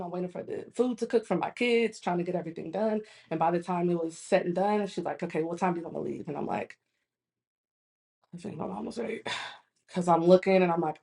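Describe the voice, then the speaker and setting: A woman in her thirties telling a story in casual conversation, acting out what others said. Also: lowish voice. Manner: animated retelling, acting out quoted voices. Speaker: guest in a conversation.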